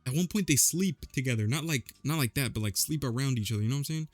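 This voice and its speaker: A man's voice: mid-range voice, expressive, fast, dry recording, soft background music. A young man casually recapping a movie, rambling with lots of slang and fillers. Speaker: vlogger.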